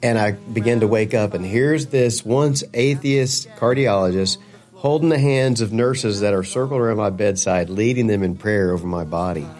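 Guy, low voice, telling a story in an interview, does the voices of folks he quotes. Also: moderate pace, a little mellow, faint music behind. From Kentucky. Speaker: gospel singer guest.

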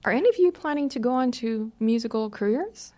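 A woman hosting an interview, asking measured, attentive questions. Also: a little high, expressive, darkish tone. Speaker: host.

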